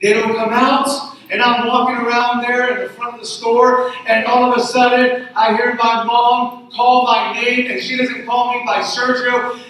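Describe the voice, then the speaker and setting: A pastor from Tucson preaching a sermon, telling a personal story in an earnest way and repeating phrases for emphasis. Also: male voice, extremely high pitch, level tone, a little slow, a bit bright. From Tucson, Arizona. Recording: echoey hall, mic from far off.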